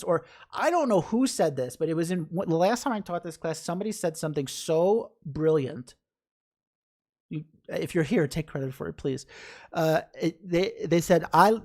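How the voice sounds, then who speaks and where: A woman's voice: low voice, a little mellow. A woman teaching a meditation class in a casual, chatty way, laughing often and acting out the inner voices of her students.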